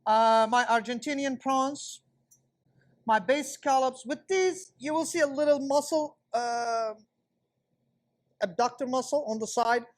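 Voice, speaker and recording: A man's voice: extremely high pitch, unhurried. A man working as a chef instructor, talking viewers through a cooking class demonstration in a kitchen and explaining each step as he cooks.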